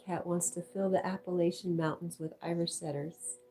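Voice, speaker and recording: Woman stream host, lowish warm voice, casual chat-reading and dog talk. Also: fairly even intonation, normal speed, rough recording. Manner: reads viewer comments aloud and chats with her dog. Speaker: livestream host.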